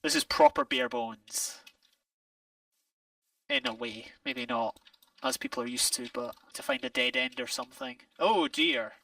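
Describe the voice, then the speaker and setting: High gravelly Scottish man, rambling. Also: measured pace, sharp tone, no echo, distant mic, rough recording. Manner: rambling, self-correcting, laughs often. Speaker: game player. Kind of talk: casual gameplay chat.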